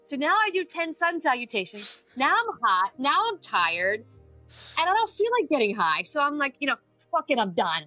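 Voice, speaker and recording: A woman's voice: sits high, sing-song, moderate pace, pushed and bright, no room sound, faint music behind. A middle-aged woman telling her story casually as a podcast guest, acting out quotes with animation. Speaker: guest, addiction coach.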